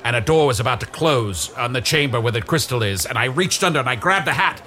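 A man's voice: mid-range voice, animated, fast talker, sharp tone. A man on an improvised comedy podcast, telling a goofy story in character with rambling, sheepish pacing.

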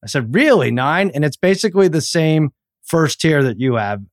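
A man's voice: fairly high pitch, expressive, normal speed, a little mellow, no room sound, clean studio sound. A man co-hosting a casual sports chat, rambling and acting out quoted remarks. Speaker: sports podcast co-host.

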